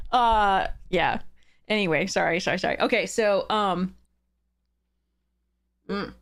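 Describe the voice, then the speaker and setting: A bubbly woman streamer chats casually to her viewers, giggling often. Her pitch sits in an ordinary middle range, and she rambles through fillers and restarts in a loose, excited way. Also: slow, long pauses. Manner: bubbly and giggly, with frequent laughter. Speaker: streamer and content creator. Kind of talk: casual live-stream chat.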